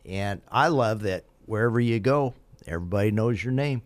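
A man's voice: lowish voice, expressive, normal speed. A man hosting a radio talk show, chatty and friendly, joking with guests and leading into breaks. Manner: friendly, chatty host with jokes and interjections. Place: radio studio.

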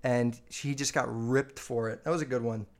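A man's voice: mid-range voice, fairly even intonation, moderate pace. A man hosting his own podcast, telling family stories in a loose, profane, filler-heavy way. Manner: swears constantly, lots of fillers. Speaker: podcast host. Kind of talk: casual storytelling.

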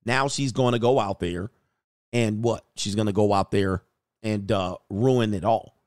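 Unhurried and fairly low-pitched with a darkish tone, a male livestream host reads viewer super chats and comments on news. His casual remarks come across as mocking and preachy, with words drawled for effect, in a dry studio-quality recording.

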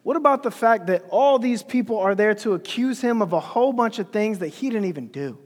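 A man's voice: high-pitched, expressive, fairly quick. A male pastor preaching a sermon with emphasis, repeating key phrases, recorded in an echoey hall.

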